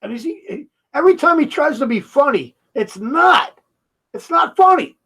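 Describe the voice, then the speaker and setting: A man's voice: extremely high pitch, lively intonation, moderate pace, pushed and bright, poor audio. A man giving a heated, profane reaction commentary, mocking the video he is watching.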